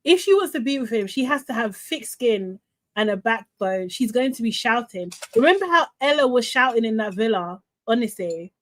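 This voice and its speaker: Chatty animated woman host, slightly high. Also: moderate pace. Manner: chatty and animated, laughs often, many fillers. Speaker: host recapping a reality show. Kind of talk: live casual chat to viewers.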